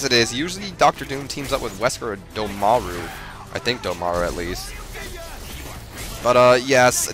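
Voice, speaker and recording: Man, rambling self-deprecating gameplay commentary, bright tone, game music low behind. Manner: rambling, full of fillers and restarts, self-deprecating. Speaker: gamer.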